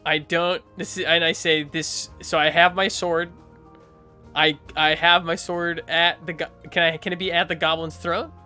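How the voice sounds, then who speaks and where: A flustered man speaking as a player in a tabletop role-playing game, often tripping over his words. His voice is bright and forceful, and it comes across smooth and clear. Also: a little high, flat delivery, moderate pace, faint music behind.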